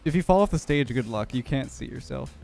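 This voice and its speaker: A young man hosting a gaming video, introducing a custom map and then reacting excitedly while playing with friends. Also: mid-range voice, gravelly. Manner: excitable, laughing, quick exclamations. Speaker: gaming YouTuber. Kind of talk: gameplay commentary with friends. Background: game music.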